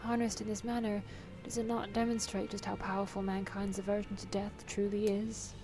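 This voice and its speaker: A woman's voice: mid-range voice, level tone, moderate pace, over music, close to an everyday voice. Woman reading as a solemn male villain. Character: cold, grandiose male villain scholar.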